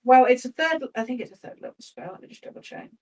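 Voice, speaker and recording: A woman's voice: high-pitched, animated, fast talker, recorded from a distance, poor audio. A woman playing a tabletop game, chatty and laughing, swearing now and then as she talks through her character's actions. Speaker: player.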